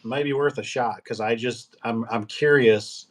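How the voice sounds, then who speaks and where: A middle-aged man, a garage door business owner, chatting casually and telling rambling, animated stories with acted-out quotes. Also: medium pitch, unhurried. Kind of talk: casual storytelling chat.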